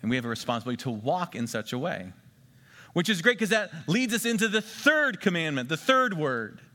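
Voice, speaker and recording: A man preaching a sermon as pastor, emphatic and repeating key phrases slowly for the congregation. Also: a little high, very animated, bright, forceful tone. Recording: long hall reverb.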